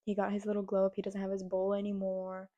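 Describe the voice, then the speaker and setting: A young woman vlogging her opinions in a casual, animated, exasperated way, often mimicking the people she criticizes. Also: medium pitch, fast talker, lo-fi sound. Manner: animated, exasperated, mocks others in quoted voices. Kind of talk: casual opinion rant to camera.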